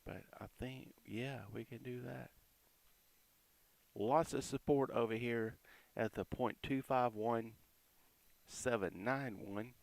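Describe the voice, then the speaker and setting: A man's medium-pitched, gravelly voice, with fairly even intonation, comes through a dry recording as he casually chats about crypto charts. He reads out support and resistance levels, adding quick asides.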